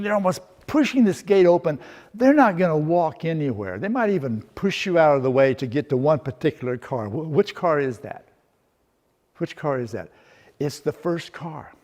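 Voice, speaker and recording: A man's voice: a little high, a little mellow, in a large hall. A middle-aged man presenting a workshop, telling a humorous story with rhetorical questions in a lecture style. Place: seminar room.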